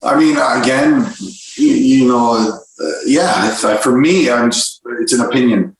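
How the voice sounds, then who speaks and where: A man talking in a casual interview as a soccer coach, mid-pitched, animated and storytelling. He often restarts and repeats words as he goes. His voice rings in a very echoey room. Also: a little slow.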